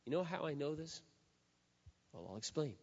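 A middle-aged man preaching a sermon as a pastor, with emphatic, drawn-out stresses and swings from loud to hushed. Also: on the high side, expressive. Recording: echoey hall, dull lo-fi sound.

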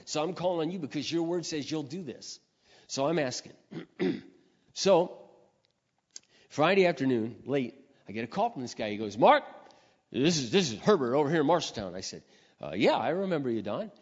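An older man preacher telling a personal story in a sermon, acting out his prayers and phone calls with lively emotion. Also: normal speed, long pauses, slightly rough. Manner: animated storyteller, acting out his own prayers with rising pitch. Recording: dull reverberant hall sound.

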